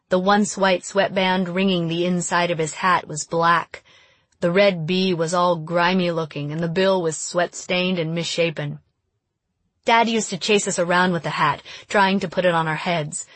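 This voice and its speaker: Woman narrating an audiobook, low and dry. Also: no echo. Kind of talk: first-person audiobook narration.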